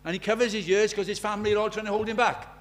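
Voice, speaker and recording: An older man preaching an evangelistic sermon, impassioned, dropping to a hush and then rising loud. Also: high voice, fairly even intonation, racing. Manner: impassioned, swings from hushed to loud.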